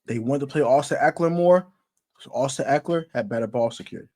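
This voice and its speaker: Talking fast in a medium-pitched voice, this male sports commentator rants about football in casual slang. He keeps repeating himself with emphasis, and his volume climbs as he continues.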